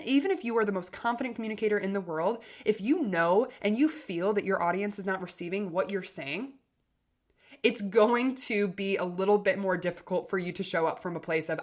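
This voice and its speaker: Energetic woman podcast host coaching. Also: mid-range voice. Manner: energetic and emphatic, with frequent restarts and swings in loudness. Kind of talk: self-help podcast talk.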